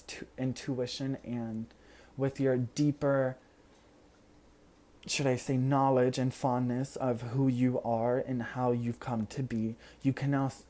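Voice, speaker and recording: Tarot card reader, pick-a-card reading, relaxed dark tone, reassuring, flowing, filler-heavy. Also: mid-range voice. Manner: earnest, reassuring, flowing talk with many "you know" fillers; loses words at times and laughs at own slips.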